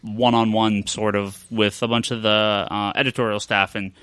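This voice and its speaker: A man chats loosely on a podcast about his work as a comic book retailer. His voice is bright and forward, and it is recorded close and dry. He rambles along with plenty of filler pauses. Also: on the low side, level tone, clean tone, no echo. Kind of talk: casual podcast chat.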